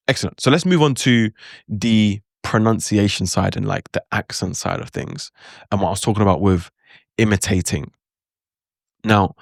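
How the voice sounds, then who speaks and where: Brief: young guy, low voice, dry close sound, relaxed chatty tutor who thinks out loud. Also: no room sound. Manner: chatty, many "like" fillers, reflective asides. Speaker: language teacher. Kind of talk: casual spoken lesson to camera.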